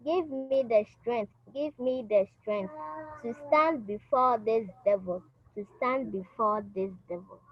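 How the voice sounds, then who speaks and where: A woman student reading her song lyrics aloud over a call, slow and careful. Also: a little high. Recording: dull dry call audio.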